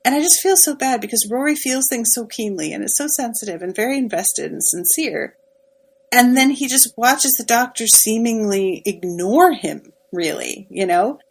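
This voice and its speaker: A woman's voice: on the high side, animated, normal speed, gravelly, rough recording. A woman co-hosting a podcast, casually recapping a TV episode in an emphatic, sympathetic way with lots of fillers. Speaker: podcast co-host.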